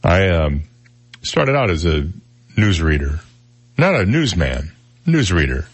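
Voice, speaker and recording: A man in his sixties with a deep baritone voice, hosting a morning radio talk show and telling stories at a relaxed pace with plenty of fillers. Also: slow, slightly rough. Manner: relaxed storytelling with frequent fillers. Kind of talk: casual morning radio chat. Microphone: studio broadcast mic.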